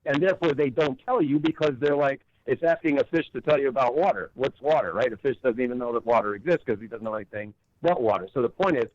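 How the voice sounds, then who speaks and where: A man's voice: mid-range voice, fast, few pauses, muffled recording. A man as an interview guest, explaining with emphatic rhetorical questions and acted-out quotes. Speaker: guest author and coach.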